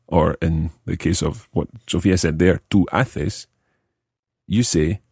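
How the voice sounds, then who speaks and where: Deep husky male language teacher. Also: a little mellow, no room sound, clean studio sound. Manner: explains slowly, repeats example phrases. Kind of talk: podcast language lesson.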